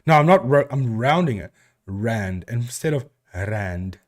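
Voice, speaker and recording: A man's voice: mid-range voice, a little fast. A man from South Africa with a South African accent, a live stream host chatting casually and answering viewers with rambling restarts.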